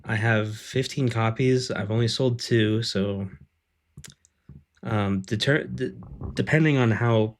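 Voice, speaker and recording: A man's voice: medium pitch, steady tone, slow. A man in his thirties, an artist on a live stream, rambling casually with lots of fillers and self-deprecating asides.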